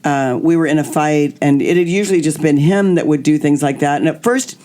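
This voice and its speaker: A middle-aged woman hosting a podcast, telling candid personal stories in an animated way and acting out the voices of people she quotes. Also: deep voice, brisk. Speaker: podcast host. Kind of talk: candid storytelling chat.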